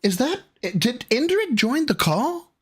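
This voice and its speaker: A man's voice: extremely high pitch, sing-song, unhurried, husky. A man hosting a casual online talk show, joking and acting out phone calls with lots of laughter. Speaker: podcast host. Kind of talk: casual chat.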